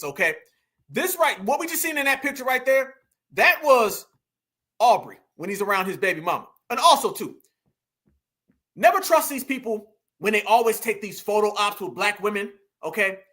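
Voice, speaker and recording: A man's voice: very high voice, pushed and bright. A man giving emphatic online commentary, fired up and firing rhetorical questions at his audience.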